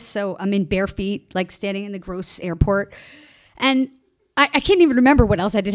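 A woman telling a personal travel story in an animated way, laughing and acting out the people she quotes. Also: on the high side.

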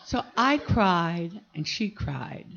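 A woman's voice: on the low side, takes it slowly, gravelly, lo-fi sound. Older woman telling a life story. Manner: vivid, animated recollection with acted-out quotes. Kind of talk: personal storytelling.

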